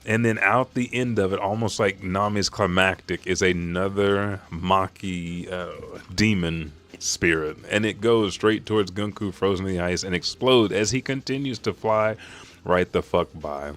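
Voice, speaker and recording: A man with a lowish voice reads a manga chapter aloud on a live stream. He talks in an excitable, profane way and slips into quick character voices as he goes.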